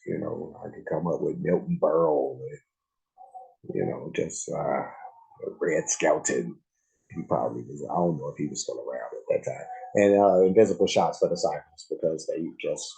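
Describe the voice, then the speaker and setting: A man's voice: a bass voice, vocal fry, warm tone, low-quality recording. A man hosting a reaction video, talking loosely with lots of fillers and slang. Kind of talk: casual reaction commentary.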